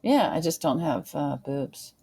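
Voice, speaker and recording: A woman co-hosting a podcast, casual chat with a deadpan, understated delivery. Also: deep voice, unhurried, vocal fry, slightly rough. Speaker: podcast co-host.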